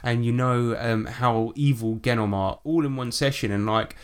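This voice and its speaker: A man co-hosts a casual podcast, talking loosely as the game master. His voice sits at a middle pitch, and his chat is full of fillers and easy laughter. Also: fairly even intonation, moderate pace, clear, resonant tone. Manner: chatty, laughs often, many fillers.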